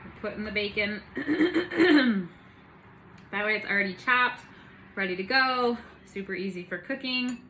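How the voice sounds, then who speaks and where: A woman's voice: mid-range voice, expressive, a little slow, creaky, a bit bright, a little hiss or hum. A woman hosting a casual home cooking video, chatty and bubbly with playful asides, in her home kitchen.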